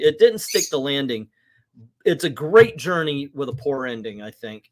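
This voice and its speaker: Man, middle-aged, comic book host, casual livestream chat, slightly high voice, very lively pitch. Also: normal speed. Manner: animated, acts out quotes in voices.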